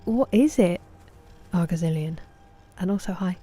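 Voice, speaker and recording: With a fairly low, expressive voice and a measured pace, an English woman talks her way through a game stream, greeting viewers by name warmly and sometimes whispering. A little hiss or hum sits in the recording.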